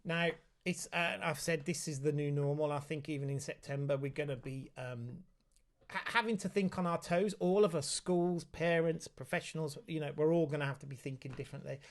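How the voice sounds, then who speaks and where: A man's voice: on the high side, a little fast. A man hosting a casual live Q&A for parents at home, chatty and easygoing, breaking off to talk to his child. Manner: chatty, reads out viewer comments, talks aside to his child. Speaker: autism specialist hosting a parent Q&A.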